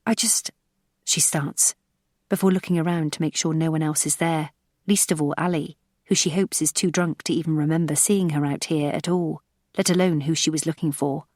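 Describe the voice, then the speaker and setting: A woman narrating an audiobook thriller in a measured, even storytelling voice. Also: low voice, no echo, studio quality. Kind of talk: scripted narration.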